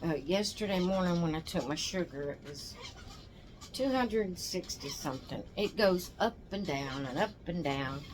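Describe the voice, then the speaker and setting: A woman's voice: on the low side, expressive, normal speed, background noise. An older woman who hosts a doll channel, chatting casually to camera in a rambling, tired way, yawning as she talks. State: exhausted.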